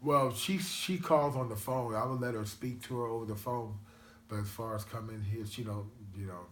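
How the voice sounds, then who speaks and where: A man's voice: medium pitch, fairly even intonation, normal speed, a bit bright, roomy sound, a little hiss or hum. A man who is a father, giving short plainspoken answers and saying "you know" a lot. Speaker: interviewee, father. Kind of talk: casual interview.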